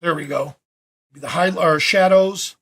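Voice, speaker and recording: A man teaching photo editing during a live video-call session, talking in a chatty, animated way with frequent restarts. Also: on the high side, measured pace. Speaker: photography workshop instructor. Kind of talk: live online Q&A demo.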